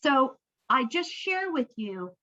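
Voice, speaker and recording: A woman's voice: high voice, very animated, slow, bright, forceful tone, lo-fi sound. A woman book coach telling stories and teaching, acting out bits of dialogue over a video call. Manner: storytelling, acts out dialogue. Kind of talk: conversational teaching.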